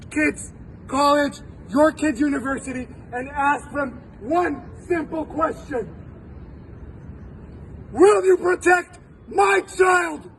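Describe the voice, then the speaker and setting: A man of forty, a professor, giving a fervent rally speech, repeating his phrases and shouting at times. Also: very high voice. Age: 40s. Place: outdoors in a city. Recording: distant outdoor recording with crowd and street noise.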